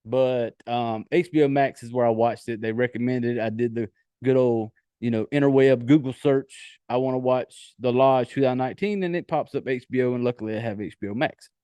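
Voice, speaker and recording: A man with a Southern accent hosts a casual solo podcast, laid-back and rambling with profane asides. His medium-pitched voice is warm and smooth at a fairly quick pace, and the recording is dry.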